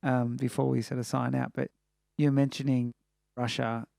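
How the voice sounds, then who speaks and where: Man, talk show host, very gravelly, flat delivery, chatty filler words. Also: mid-range voice, normal speed, dry recording, studio quality. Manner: chatty, many "you know" fillers. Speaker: podcast host. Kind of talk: casual interview chat.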